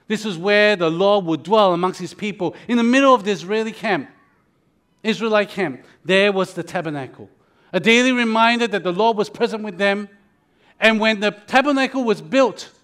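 A man preaching a sermon as pastor, moving between quiet, slow emphasis and louder, rising warnings. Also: high-pitched.

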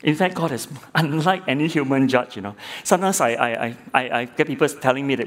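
A man's voice: medium pitch, brisk, few pauses, fairly bright tone. A middle-aged man and lay preacher preaching a sermon, telling a courtroom story and asking his listeners rhetorical questions, often repeating words as he starts a phrase. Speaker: lay preacher, former judge.

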